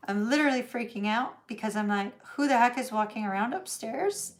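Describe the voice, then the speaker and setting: A woman's voice: fairly high pitch, fairly quick, hardly any pauses. A middle-aged woman, telling a story in a chatty livestream, laughing often and using lots of fillers. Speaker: tarot reader host.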